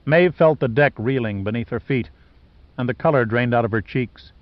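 A man reading a novel aloud as audiobook narrator, in a measured storytelling manner. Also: medium pitch, dry recording. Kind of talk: scripted narration. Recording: dull lo-fi dry recording.

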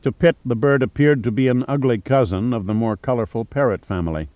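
An adventure novel is read aloud by a man whose voice is mid-range, his scripted narration steady and measured. The dry studio recording has no echo and sounds a bit muffled.

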